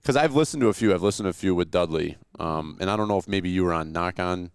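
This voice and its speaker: A man's voice: sits low, quick pace, smooth, no room sound, studio quality. A man hosting a podcast, talking in an easygoing, thoughtful way as he asks questions. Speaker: podcast host. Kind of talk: casual podcast chat.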